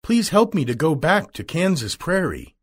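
A man voicing a young lost girl in a storybook reading, speaking high and earnest with a husky edge. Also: very animated, normal speed. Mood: pleading.

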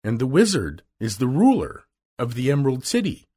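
A man voicing a kind little old woman, a gentle witch, speaking slowly and soothingly in a storybook reading. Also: medium pitch, huge pitch swings, slightly rough. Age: over 60.

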